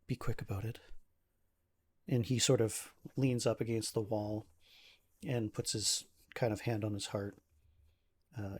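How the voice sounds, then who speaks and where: A man narrating as game master of a tabletop game, halting and full of fillers. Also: on the low side, a little mellow, slightly rough. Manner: halting, with many fillers and restarts.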